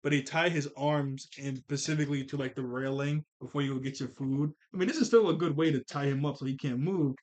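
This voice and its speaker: A man casually recapping and reviewing a cartoon episode, laughing often and slipping into quick character voices. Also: mid-range voice. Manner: animated, laughs often, jumps into character voices when quoting.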